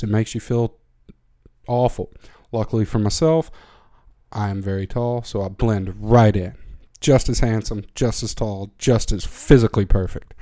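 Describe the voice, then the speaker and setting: A man with a wry, deadpan way of joking, talking casually in a monologue with frequent fillers. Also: on the low side. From United States. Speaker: vlogger.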